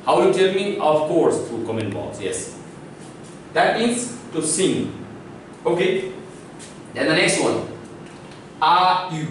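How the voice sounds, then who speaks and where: A man's voice: on the high side, big pitch swings, slow, pauses often, recorded from a distance, slight background noise. Indian man teaching in an echoey room. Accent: Indian English. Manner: instructive, repeats sounds and quizzes viewers. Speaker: language teacher. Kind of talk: online language lesson.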